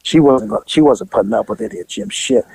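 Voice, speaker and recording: A man's voice: mid-range voice, sing-song, brisk, vocal fry, darkish tone, slightly rough, no room sound. An older man, a former detective, telling rambling, profane anecdotes in casual chat. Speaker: retired detective telling stories. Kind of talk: casual storytelling.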